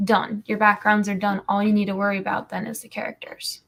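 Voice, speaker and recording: A woman's voice: medium pitch, little pitch movement, brisk, creaky, fairly bright tone. A woman comic artist talking casually on a livestream, explaining her process with many ums and you-knows.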